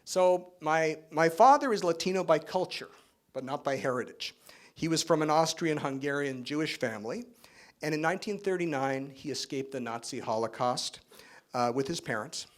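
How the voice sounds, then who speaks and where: A middle-aged man gives a keynote speech at an awards event. His voice sits a little on the high side, and he talks in a relaxed, conversational way. He fills pauses with um and often adds right, with the odd joking aside. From Spain, raised in Canada. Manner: frequent fillers and tag questions. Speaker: keynote speaker.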